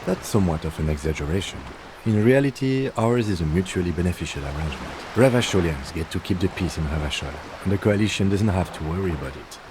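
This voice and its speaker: An actor voicing a calm, composed police lieutenant in a video game, with a dry, precise manner, in game audio with background noise. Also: male voice, deep voice, fast.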